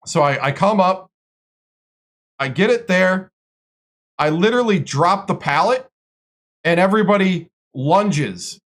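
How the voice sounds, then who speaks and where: A man's voice: high-pitched, animated, unhurried, long pauses, fairly bright tone. Rambling male streamer telling stories. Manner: rambling, filler-heavy storytelling. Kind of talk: casual chat.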